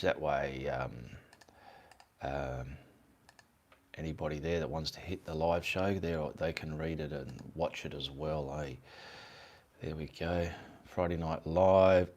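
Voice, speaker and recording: With a very deep voice and fairly even intonation, this man speaks a little slowly. He is an artist and livestream host from Perth, Western Australia, an Australian who rambles through a casual stream and greets viewers by name.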